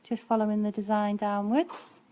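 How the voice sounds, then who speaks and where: A woman talks viewers through a nail art demonstration on a live stream. Her manner is chatty and practical, and she fills pauses with ums as she works. Her voice sits in an ordinary middle pitch. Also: level tone, warm tone. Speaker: nail technician and educator.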